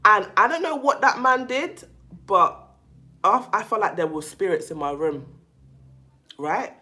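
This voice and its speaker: A woman talking straight to her viewers in a casual monologue, emphatic and animated, often calling the listener "baby" and repeating herself as she goes. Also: mid-range voice, unhurried. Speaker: vlogger talking about narcissistic abuse.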